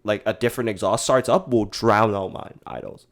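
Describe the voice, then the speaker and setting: A man hosting a podcast in casual chat, chatty and quick to jump in. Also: lowish voice. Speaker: podcast host.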